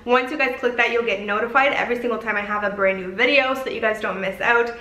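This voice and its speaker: Young woman from canada gushing over a clothing haul, kinda high voice, super chatty and filler-heavy. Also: bright, forceful tone. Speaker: fashion haul vlogger. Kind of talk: casual haul vlog chat.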